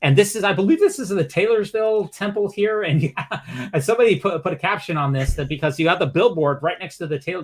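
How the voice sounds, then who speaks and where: A man with a slightly high voice hosts a casual news podcast. He reads articles aloud and comments on them, often restarting his sentences. His delivery is loose and conversational. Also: expressive, slightly rough. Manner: halting, repeats words and restarts while reading articles aloud. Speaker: podcast host.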